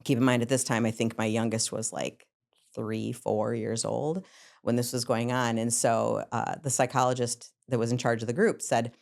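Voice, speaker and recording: This guest, a middle-aged woman who works as a psychotherapist, recounts career anecdotes on a podcast, dramatizing scenes and laughing frequently. She speaks at a normal pace in a rumbling low voice with vocal fry.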